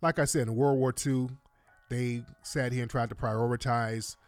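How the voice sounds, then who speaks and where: A man's voice: mid-range voice, fairly even intonation, moderate pace, soft background music. A man giving impassioned commentary to his viewers, emphatic and repeating catchphrases to the audience. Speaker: online commentator.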